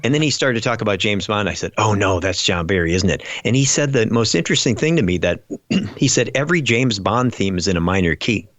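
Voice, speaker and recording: A man's voice: on the low side, animated, a little fast, fairly bright tone, no room sound. A man chatting casually on a podcast, rambling through stories with many fillers and restarts. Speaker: podcast guest. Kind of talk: casual chat.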